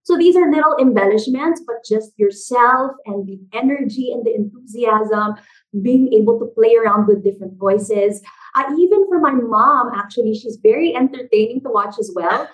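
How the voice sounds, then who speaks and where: Woman guest, theater founder, high-ish voice, chatty and animated with plenty of fillers. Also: normal speed, poor audio. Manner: animated storyteller, lots of fillers like "like" and "you know". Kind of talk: casual interview chat.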